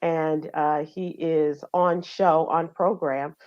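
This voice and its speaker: A woman's voice: deep voice, steady tone, muffled recording. A middle-aged woman hosting a radio show, going over the news in casual chat and talking with fillers and restarts. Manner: conversational, halting with fillers.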